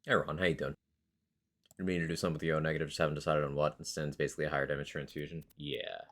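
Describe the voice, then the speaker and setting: A man streaming a game live, chatting casually with viewers and musing aloud between pauses. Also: extremely low pitch, level tone. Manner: laid-back, musing aloud, answering chat between pauses.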